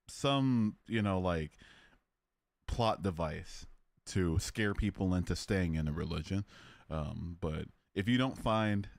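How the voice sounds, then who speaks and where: A man's voice: sits low, no room sound. A young man hosting a live stream, chatting casually with viewers and mocking trolls in the chat. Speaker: livestream host.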